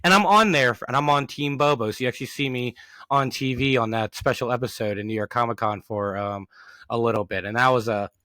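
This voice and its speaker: A young man with a bright, tense voice hosts a casual chat. He sounds eager and excitable, often restarting his sentences. The recording is dry and close. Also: medium pitch, fairly quick, no room sound. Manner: eager and excitable, stumbling over words. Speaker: podcast host.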